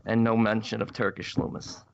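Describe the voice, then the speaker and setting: A man's voice: fairly low pitch, flat delivery, moderate pace, gravelly, highs cut off. A man co-hosting a horror podcast, blunt and grumbling in casual chat and reading listener mail aloud. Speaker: podcast co-host.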